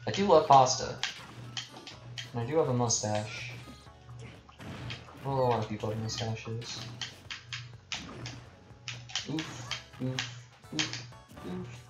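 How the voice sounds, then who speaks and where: Brief: casual male game streamer, joking and rambling, echoey room with loud game music. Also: mid-range voice, a little slow, pauses often. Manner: rambling, self-deprecating, chatting with viewers. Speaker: gaming livestreamer. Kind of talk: casual live commentary while gaming. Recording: roomy echo with game music behind.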